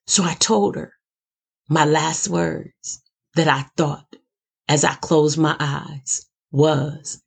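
A middle-aged woman minister giving a personal testimony, slow and dramatic, building emphasis through repetition. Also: sits low, flat delivery, vocal fry, breathy edge.

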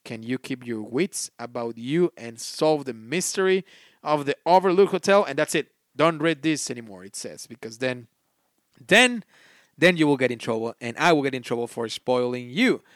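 A man's voice: medium pitch, animated, normal speed, no room sound, studio quality. A man with a non-native English accent hosting a solo board game podcast. He chats casually and reads game text aloud, often stopping to restart a phrase. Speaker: podcast host.

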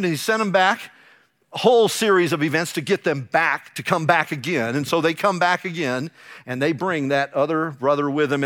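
A male pastor preaching a sermon, telling the story with animated drama and joking asides. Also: fairly high pitch.

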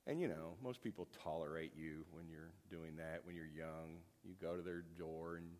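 A man's voice: very deep voice, steady tone, moderate pace, a little mellow. A man preaching a conversational sermon, folksy and storytelling, with frequent fillers and restarts. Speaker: pastor. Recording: long hall reverb.

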